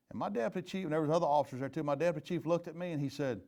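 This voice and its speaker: A man's voice: on the high side, racing, hardly any pauses, darkish tone. A middle-aged man, a retired police chief giving a leadership training talk in an earnest, candid storytelling manner with plain folksy phrasing.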